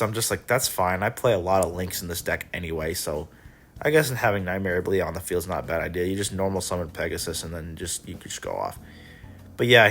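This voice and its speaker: Guy with a lowish voice chatting loosely through his card game matches, cussing, bit of a cough, faint music behind. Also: fairly bright tone. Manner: laid-back, profane, chuckling, mock voices of opponents. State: coughing and clearing throat. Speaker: card game player recapping a tournament. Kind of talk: casual game recap.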